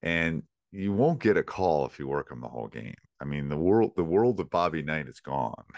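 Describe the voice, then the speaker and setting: A man's voice: extremely low pitch, expressive, normal speed, gravelly, darkish tone, dry recording. A man, a basketball coach, chatting casually on a podcast in short, blunt remarks.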